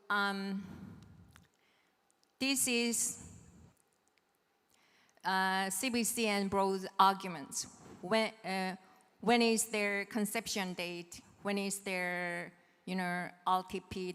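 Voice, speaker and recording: A woman's voice: medium pitch, steady tone, takes it slowly, pauses often, fairly bright tone, clear, resonant tone. A woman presenting a technical lecture at a seminar, explaining step by step and checking in with her listeners. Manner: patient, checks understanding with "right?". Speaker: seminar presenter on patent law. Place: seminar hall. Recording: reverberant lecture hall.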